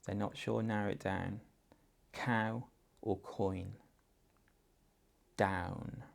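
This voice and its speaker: A man's voice: fairly low pitch, little pitch movement, drawn-out words, vocal fry. A man with an English accent, a teacher patiently walking parents through a phonics writing exercise step by step. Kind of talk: instructional guidance for parents.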